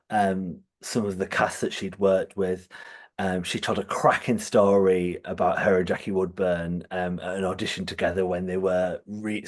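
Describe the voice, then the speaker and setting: A man co-hosting a podcast, telling stories with enthusiasm and frequent laughter. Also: sits low. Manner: enthusiastic storytelling, often laughing. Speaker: podcast co-host. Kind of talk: casual chat.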